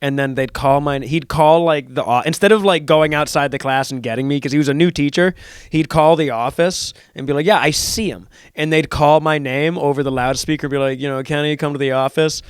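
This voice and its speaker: Young male podcast co-host, casual and profane, somewhat high voice, dry close mic. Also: fairly quick, clear, resonant tone, no echo. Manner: rambling, profane storytelling. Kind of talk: casual chat.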